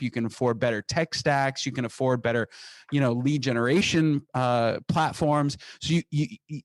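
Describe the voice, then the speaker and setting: A company founder appears as an energetic guest on a conversational podcast interview, often restarting and repeating words. His voice is medium-pitched and the recording is dry.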